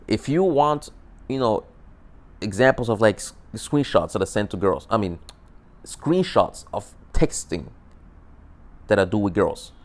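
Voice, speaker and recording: A man telling a dating story in a casual, profane monologue, often repeating and restarting words. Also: fairly low pitch. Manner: animated, emphatic. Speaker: dating advice vlogger.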